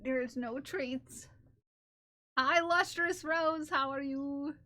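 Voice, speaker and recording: Bright, high-voiced woman chatting slowly. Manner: playful, laughing, talks to chat and her cat. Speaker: knitting streamer. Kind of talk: casual live-stream chat.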